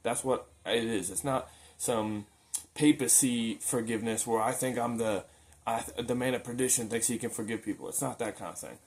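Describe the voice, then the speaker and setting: An earnest man preaching casually in a talk-to-camera video, at a medium pitch. His delivery is loose and conversational, full of informal turns of phrase. He often repeats words and restarts his sentences as he works through a thought. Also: steady tone, normal speed, vocal fry. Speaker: religious video maker.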